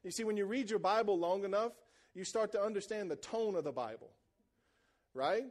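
A man delivers an animated church sermon in a voice pitched unusually high for a man. He preaches with energy and keeps drawing the congregation into call-and-response. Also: fairly quick. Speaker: pastor.

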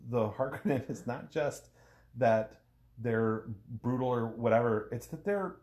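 A man's voice: mid-range voice, lively intonation, a little slow, darkish tone. A man co-hosting a podcast, talking casually about a film and acting out little quotes. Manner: enthusiastic, acts out quotes, hedges with "you know". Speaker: podcast co-host.

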